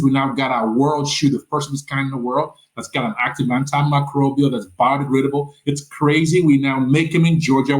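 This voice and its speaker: A Nigerian man who founded a nonprofit tells his own story earnestly as a podcast guest, often repeating words in the conversation. His voice is mid-range, and the recording quality is low.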